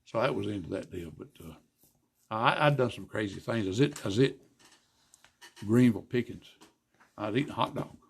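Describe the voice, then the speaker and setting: An older man, a guest telling racing stories in a folksy, animated way, acting out the dialogue. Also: lowish voice, brisk, long pauses. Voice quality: gravelly, husky. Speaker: guest, former racer and car builder. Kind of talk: casual storytelling interview.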